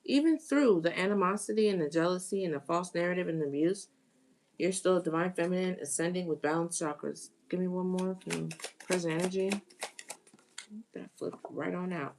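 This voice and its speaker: A woman with a somewhat low voice gives a live tarot reading. She talks in an animated way and repeats phrases for emphasis. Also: moderate pace, gravelly. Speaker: tarot reader.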